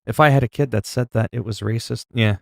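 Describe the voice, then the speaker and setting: A man's voice: mid-range voice, moderate pace, gravelly, no room sound, studio quality. A man livestreaming and chatting casually while gaming, opinionated and rambling, swearing freely.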